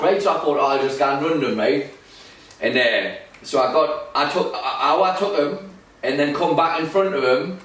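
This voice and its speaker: A man, a podcast co-host, telling a halting, sweary road story with lots of fillers. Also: on the high side, fairly bright tone. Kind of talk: casual storytelling chat. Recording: echoey room, mic at a distance.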